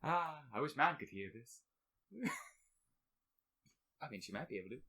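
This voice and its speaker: A man's voice: medium pitch, animated, normal speed, pushed and bright. A man co-hosting a casual podcast, rambling and joking, laughing often. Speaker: podcast co-host.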